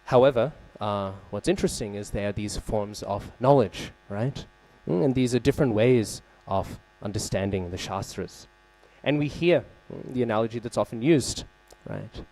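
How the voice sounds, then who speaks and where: Male temple class speaker, fairly low voice with a warm, soft tone; casual storytelling lecture that keeps checking in with listeners. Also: moderate pace, few pauses. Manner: conversational, frequent "right?" check-ins and fillers; openly searches for names and terms. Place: temple hall.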